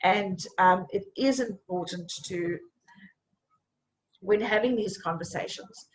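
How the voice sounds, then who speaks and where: A woman's voice: medium pitch, slow, poor audio. A woman coaching a group in a live online session, talking in an encouraging way and checking in often with "okay?".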